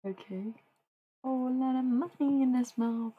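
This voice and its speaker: A woman's voice: sits high, a little fast, husky, phone-quality sound. A young woman streaming live, chatting casually with her viewers, laughing often and swearing freely.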